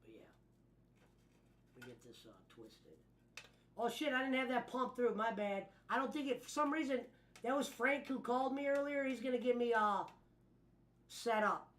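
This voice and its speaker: A man's voice: very high-pitched, very animated, normal speed, pauses often, fairly bright tone. Laid-back male streamer chatting over clips. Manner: loose, laughing, profane chatter. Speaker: streamer host. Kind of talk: casual stream commentary over old clips.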